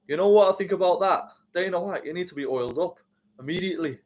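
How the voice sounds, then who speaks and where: A man's voice: high voice, quick pace, natural voice. A man doing an impression of a cocky, trash-talking British heavyweight cage fighter with a British accent.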